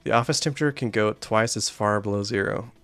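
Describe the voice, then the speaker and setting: Guy streaming a game, lowish voice, dry mic, faint music behind. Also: fast talker, a bit bright, no echo. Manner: joking, reads chat aloud. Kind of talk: gameplay commentary and story reading.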